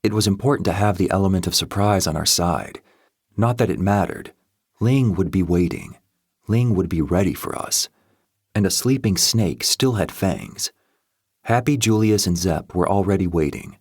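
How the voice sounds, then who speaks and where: A man narrating a first-person dark romance audiobook in a steady, measured reading voice. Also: sits low, husky, dry recording, clean studio sound.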